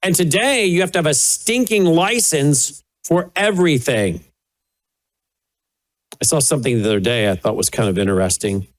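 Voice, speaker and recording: Emphatic male host, fairly high lively voice, sarcastic commentary. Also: moderate pace. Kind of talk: political commentary over clips.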